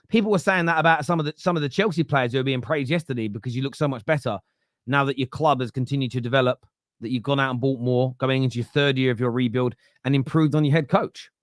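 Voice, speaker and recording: A man hosts a fan football podcast in a casual live-stream style, reading viewer comments and giving blunt opinions. His mid-range voice moves fast, and he often opens with "uh" and restarts his sentences. The studio-quality recording has no echo.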